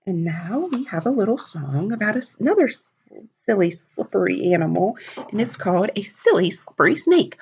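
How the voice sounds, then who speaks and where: A woman librarian reading a picture book aloud at a children's storytime, animated and asking the kids questions. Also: medium pitch, brisk, husky. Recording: dull lo-fi recording.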